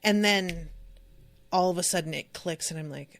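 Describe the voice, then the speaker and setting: A woman's voice: fairly low pitch, a little slow, fairly bright tone. A woman hosting a podcast, chatting casually about a book in a candid, emotional, rambling way, full of fillers. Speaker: podcast host. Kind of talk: casual book-discussion chat.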